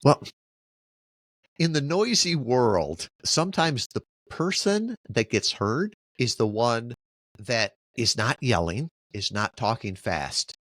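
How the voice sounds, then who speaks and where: A middle-aged man answering interview questions in a lively, storytelling way, often checking in with "right?". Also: on the low side, dry recording. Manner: animated storyteller who keeps asking "right?". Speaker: podcast guest, marketing company founder.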